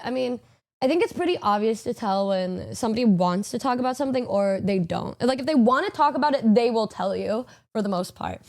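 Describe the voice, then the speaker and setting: Chatty young woman streamer, kinda high voice, jokey and giggly. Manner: chatty and playful, laughs between remarks. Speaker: streamer host. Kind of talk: casual stream chat.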